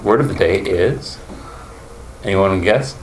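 A man's voice: sits low, slow. A man teaching a conversational Bible lesson, earnest as he explains and questions the class. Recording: echoey room, faint background noise.

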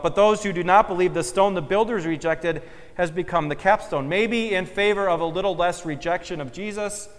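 Emphatic preacher in a reverberant church. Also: male voice, sits high. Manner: emphatic, swells loud then drops soft and slow. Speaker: pastor. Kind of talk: sermon. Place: church sanctuary.

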